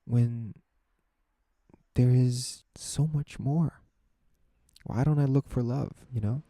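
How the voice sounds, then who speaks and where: A young man talks through his thoughts on his own podcast, asking himself question after question and restarting his phrases as he goes. His voice is deeply dark and mellow, and the recording is dry with no room sound. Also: fairly even intonation, slow pace, no echo. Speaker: podcast host. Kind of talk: reflective solo monologue.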